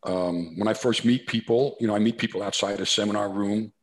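Man, from New Jersey, lower voice, consultant guest, anecdotal, rambling asides. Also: steady tone, a little fast. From New Jersey, USA. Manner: chatty, anecdotal, many restarts and asides. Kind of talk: storytelling interview.

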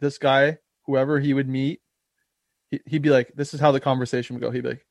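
A man's voice: mid-range voice, quick pace, no echo. A young man co-hosting a podcast, teasing his friend and acting out quotes as he tells stories. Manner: animated, teasing, acts out quotes. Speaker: podcast co-host. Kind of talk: casual storytelling chat.

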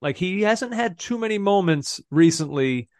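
A man's voice: high voice, lively intonation, normal speed, darkish tone, no echo, clean studio sound. A man co-hosting a football podcast, talking in an enthusiastic, casual way and laughing often. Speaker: podcast co-host.

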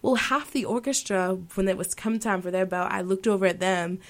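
A woman's voice: mid-range voice, brisk. A woman who sings opera, talking as an interview guest and telling stories with emotion. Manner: emotional, animated storytelling with laughter. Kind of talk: conversational interview storytelling.

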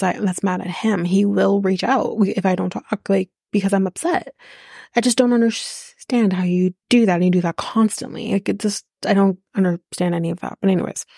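A young woman talks through a reality show recap on her podcast, loose and chatty, full of fillers and casual swearing. Her mid-pitched voice carries a gravelly fry, and the recording is dry and close with no room sound. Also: a little mellow, no echo. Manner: chatty, profane, rambling with many fillers.

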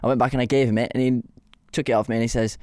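This podcast co-host has a mid-range voice and speaks very fast, recorded with studio quality and no room sound. He laughs a lot while animatedly telling stories in a relaxed conversation.

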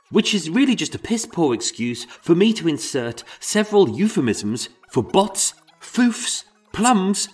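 A man with a Birmingham accent narrating a true-crime walking tour as its host, sardonic and sweary, with dramatic pauses. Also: on the high side, breathy edge, no echo. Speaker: podcast host and tour guide.

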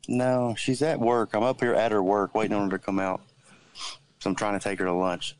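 A man's voice: lowish voice, flat delivery, brisk, smooth. A man calling in to a livestream, chatting casually and joking. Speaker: regular caller. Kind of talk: casual call-in chat.

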